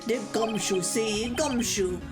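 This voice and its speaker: Woman doing a gruff male detective. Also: on the high side, slow, over music. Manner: tacks "see?" onto sentences. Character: gruff male police detective, blunt and bossy. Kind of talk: game voice-over read-aloud.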